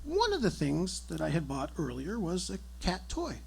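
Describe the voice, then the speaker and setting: A man telling a comic true story on stage, animated and theatrical. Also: sits high, moderate pace, creaky, breathy edge.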